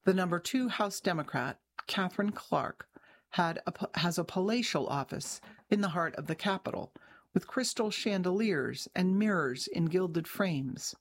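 Woman narrating an article in a lowish voice. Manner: measured, even reading with occasional restarts. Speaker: journalist reading her own article. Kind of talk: scripted narration.

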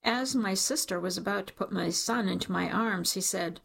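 A woman's voice: mid-range voice, moderate pace, gravelly, fairly bright tone. A woman reading a first-person story aloud in an intimate, emotional narrating style. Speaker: audiobook narrator.

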